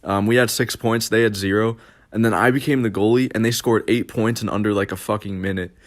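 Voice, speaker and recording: Rambling young man with a low voice. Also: fairly even intonation, fairly quick. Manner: rambling, filler-heavy, profane. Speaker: vlogger. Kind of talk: casual storytime monologue.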